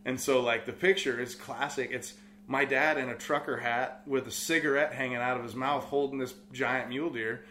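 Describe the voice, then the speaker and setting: A man's voice: medium pitch, steady tone, moderate pace, sharp tone, slight background noise. Rambling young Californian man telling stories. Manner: rambling, many "like" fillers, acts out quotes. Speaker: guest, outfitter business owner. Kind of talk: casual storytelling.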